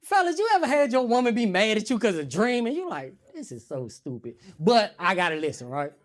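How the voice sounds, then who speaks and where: A man's voice: high-pitched, fast. A man doing stand-up storytelling on a comedy stage, acting out quotes in a raised voice. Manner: animated, acts out quotes in raised voice.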